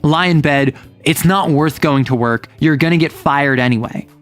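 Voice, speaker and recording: A soothing, lulling ogre of despair, put on by a man in a somewhat high voice. It coaxes and coddles, urging its listener to sink into gloom. Faint music plays underneath. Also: normal speed, natural voice. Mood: coaxing, lulling.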